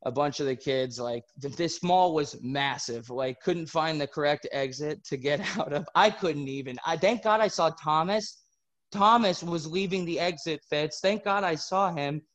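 A podcast host casually telling a story, animated and laughing through it. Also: male voice, a little high, moderate pace.

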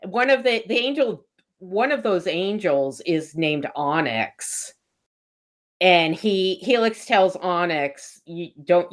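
Low-voiced woman animatedly retelling a book. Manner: animated retelling, quoting characters in her own voice. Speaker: book discussion co-host. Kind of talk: casual chat recapping a book plot.

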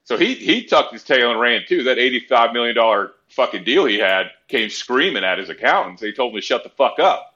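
A man's voice: medium pitch, animated, brisk, few pauses, sharp tone. A man talking sports on a podcast in a blunt, profane, rambling way. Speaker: podcast co-host. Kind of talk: casual sports chat. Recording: dull lo-fi sound.

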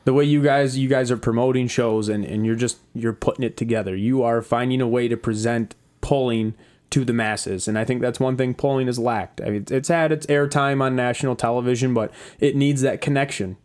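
A man's voice: medium pitch, steady tone, fairly quick, darkish tone. A man appearing as a guest on a casual podcast, earnest and full of praise, with a dry teasing streak. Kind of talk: casual chat.

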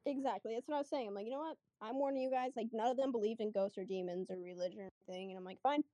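A young woman telling a story in casual chat, chatty and animated, acting out what people said. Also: a little high, very fast, no room sound. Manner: chatty, animated retelling with quoted voices. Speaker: guest storyteller.

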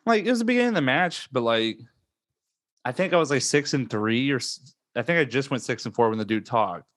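Man, casual gaming chat, animated rants, dry close mic. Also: fairly quick, no echo. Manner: animated, swings up in pitch when ranting. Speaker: podcast host.

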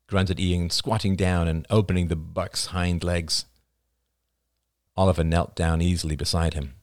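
Male narrator, deep voice, measured, dry close recording. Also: fairly even intonation, no room sound. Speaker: audiobook narrator. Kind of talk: scripted narration.

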